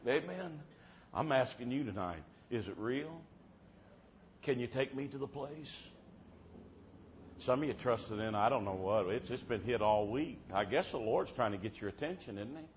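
A man preaching a revival sermon in church, telling stories and swinging from soft-spoken to shouting. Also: medium pitch, animated, moderate pace. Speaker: traveling preacher. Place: church service. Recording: dull muffled sound with faint background hiss.

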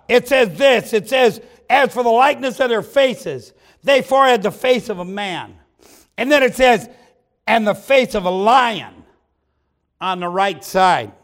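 High-voiced older preacher from Ohio. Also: male voice, fairly bright tone. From Ohio, USA. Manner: folksy, drops to low asides, frequent amens. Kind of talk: revival sermon.

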